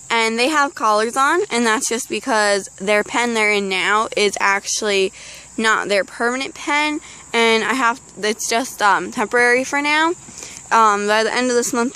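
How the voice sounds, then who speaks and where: Teen girl vlogger, kinda high voice, lots of ums, just chatting outside by the pen. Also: a bit bright, smooth, rough recording. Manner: chatty, rambling with frequent ums. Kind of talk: casual chat. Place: outdoors beside a goat pen.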